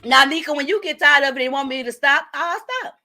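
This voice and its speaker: A woman's voice: sits high, expressive, brisk, sharp tone. A woman hosting a live stream, brashly and profanely calling out a viewer while reading the chat. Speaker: livestream host.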